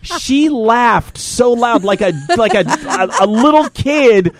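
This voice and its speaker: Speaking slowly in an extremely high-pitched voice, this podcast host recounts a personal story in loose, casual talk. He's an adult father who swears a lot, stays animated, and keeps breaking into impressions of the people he quotes.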